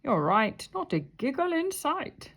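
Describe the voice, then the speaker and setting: A woman voicing a brisk, matter-of-fact male doctor in a children's story. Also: high voice, sing-song, a bit bright, pitched above the performer's own voice, exaggerated voice.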